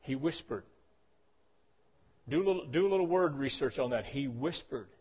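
A man preaching a sermon as pastor, swinging between soft low passages and loud shouted ones, often calling out "Amen?". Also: animated, moderate pace, long pauses, a little hiss or hum. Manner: calls for "Amen?" responses.

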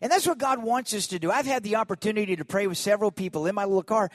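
High-voiced man preaching a story sermon. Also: racing, no room sound, studio quality. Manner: lively, calls on the congregation to respond. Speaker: pastor.

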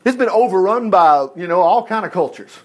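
A high-voiced man preaching a sermon, his pitch leaping about as he presses each point. He talks emphatically and breaks into chuckling asides. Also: expressive, brisk.

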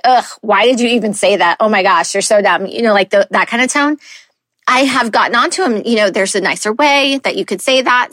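A woman in her thirties talks straight to her listeners in a relaxed, earnest podcast monologue. Her delivery is chatty and full of small fillers. The close mic gives a dry, intimate sound. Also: mid-range voice, no room sound. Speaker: podcast host. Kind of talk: casual solo podcast talk.

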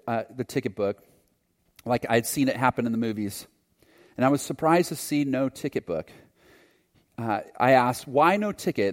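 Earnest male preacher in a reverberant hall. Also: mid-range voice. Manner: earnest, reflective storytelling. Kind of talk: sermon testimony storytelling.

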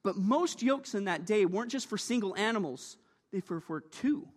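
A male preacher delivering a lively, joking sermon and calling out for amens. His voice sits very high and swings widely in pitch. He is heard in a church with a long, ringing reverb. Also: normal speed.

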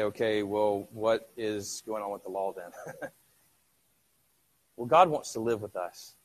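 A middle-aged man preaching a sermon in a conversational way, asking the congregation rhetorical questions, sometimes dropping to a hush and then rising loud. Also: medium pitch. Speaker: pastor.

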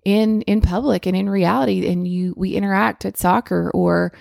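Woman in her thirties, podcast host, candid rambling talk, very gravelly voice, dry sound. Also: mid-range voice, fairly even intonation, normal speed, dry recording. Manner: candid, rambling, with restarts and soft laughs. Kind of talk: personal reflective monologue. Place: home.

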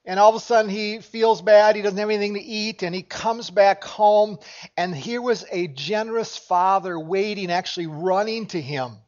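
A man's voice: high voice, moderate pace, darkish tone, highs cut off. A man preaching a sermon as pastor, talking in a conversational way and asking his congregation questions. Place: church sanctuary.

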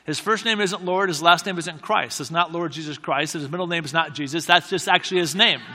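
A preacher tells his sermon as a story, talking conversationally, teasing himself, and returning to repeat his key phrases. His voice is higher-pitched, bright, and a little fast. The long reverb of a large hall surrounds it.

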